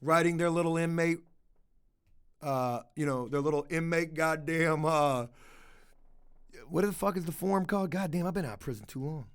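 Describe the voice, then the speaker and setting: Casual male streamer, high voice, profane rambling chat-reading commentary. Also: moderate pace, long pauses, clear, resonant tone. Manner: rambling, swears a lot, slips into put-on voices.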